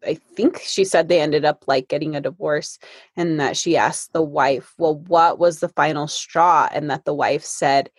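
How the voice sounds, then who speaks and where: A woman podcast host chatting casually and recalling an earlier episode, responsive and quick with affirming murmurs. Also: low voice, steady tone, husky, no echo, studio quality. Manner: warmly responsive, frequent affirming murmurs and laughs. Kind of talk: casual conversational chat.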